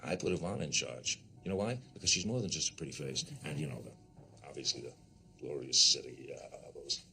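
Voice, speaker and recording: An actor playing a crude, boastful tycoon who talks over everyone, in a satirical comedy film. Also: male voice, a bass voice, a little fast, vocal fry, bright, forceful tone, heavily acted. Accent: New York. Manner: boastful, interrupts, bossy, rambling.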